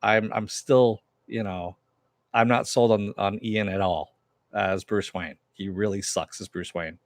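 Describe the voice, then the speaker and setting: A man's voice: lowish voice, fairly even intonation, measured pace, no room sound. A man hosting a casual TV recap and review, blunt and rambling, with many restarts and fillers, answering live chat while wearing headphones. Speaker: show host.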